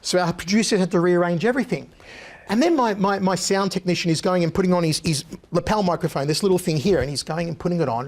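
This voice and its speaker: A man sits as a guest on a talk show and spins long, animated stories. His voice sits notably high for a man, and he slips into the voices of the people he describes. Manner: lively storyteller who mimics other people's voices. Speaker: interview guest. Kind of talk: animated anecdote-telling.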